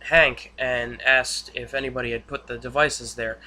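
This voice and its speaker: A man's voice: medium pitch, little pitch movement, normal speed, bright, forceful tone. A young man recapping a TV episode in casual, rambling speech with many fillers and restarts. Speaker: YouTube reviewer.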